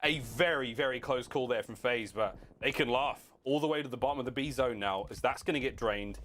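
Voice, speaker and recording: A man casting an esports match with excitable play-by-play commentary. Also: mid-range voice, brisk, slight background noise. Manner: excitable, shouting calls. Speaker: esports caster.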